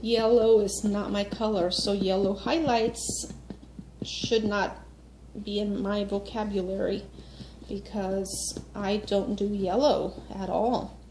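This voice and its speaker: A woman's voice: mid-range voice, a little mellow, a little hiss or hum. A woman in her thirties venting casually to her viewers, upset and speaking directly to them with frequent fillers. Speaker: vlogger. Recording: echoey room with faint ambience.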